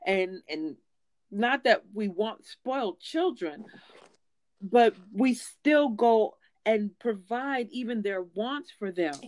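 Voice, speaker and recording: A woman's voice: on the high side, animated, slow pace, darkish tone, dry recording. A woman preaching a sermon in an earnest, emphatic way, with frequent fillers and restarts.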